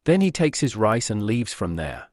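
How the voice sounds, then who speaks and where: A man's voice: on the low side, big pitch swings, moderate pace, darkish tone, no echo. Dry-voiced man narrating a comic recap. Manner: plain summarizing delivery.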